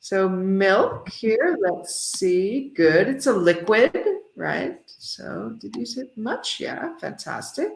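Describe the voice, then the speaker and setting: A woman's voice: mid-range voice, sing-song, takes it slowly, vocal fry, hardly any pauses. Encouraging American woman teaching English. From United States. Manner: encouraging, praising, playful. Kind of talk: online English lesson. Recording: roomy echo.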